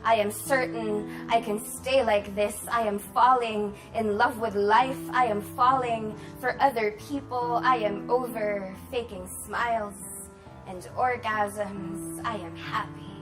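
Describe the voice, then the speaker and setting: A woman's voice: a little high, steady tone, takes it slowly, over music. A woman, a confessional poet, speaking about her work and performing a spoken word poem with rising intensity. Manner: confessional, intense, builds from hushed to forceful. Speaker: guest poet.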